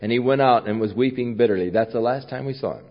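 A man's voice: medium pitch, quick pace, muffled recording. A male pastor giving a conversational sermon, retelling scenes and repeating himself.

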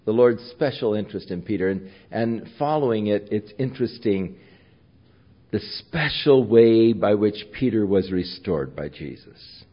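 A man's voice: fairly low pitch, animated, a little slow, muffled recording. A male pastor giving a conversational sermon, retelling scenes and repeating himself.

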